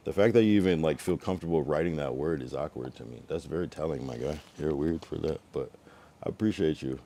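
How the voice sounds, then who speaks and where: Very deep-voiced young streamer man, profane. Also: brisk. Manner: profane, rambling, with bursts of loud taunting and dips to a mutter. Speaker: livestreamer. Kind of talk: casual live-stream chat reacting to viewers.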